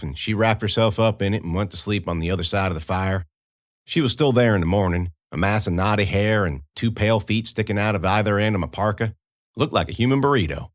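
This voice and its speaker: Audiobook narrator: a man with a low-set voice, telling it folksy and conversational, dry close-miked read. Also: no room sound. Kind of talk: first-person audiobook narration.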